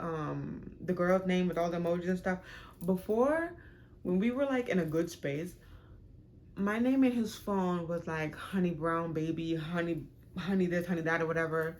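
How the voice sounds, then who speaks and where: Frank, animated young woman vlogger. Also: lowish voice, normal speed, a little hiss or hum. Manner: frank, animated, profane storytelling. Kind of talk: storytime vlog.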